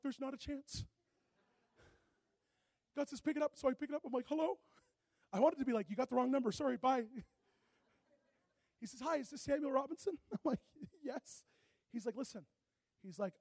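A man preaching a sermon, telling a personal story and acting out both sides of the dialogue, moving from hushed to loud. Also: very high voice, dry recording.

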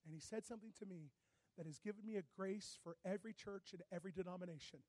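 A man preaching a sermon, telling a personal story and acting out both sides of the dialogue, moving from hushed to loud. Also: sits high, fast, no echo.

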